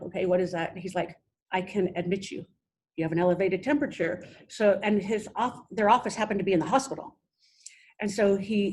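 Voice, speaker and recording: A young adult woman, a podcast guest, telling her own story in a halting way with many restarts. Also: mid-range voice, darkish tone, a little hiss or hum. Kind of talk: personal storytelling interview.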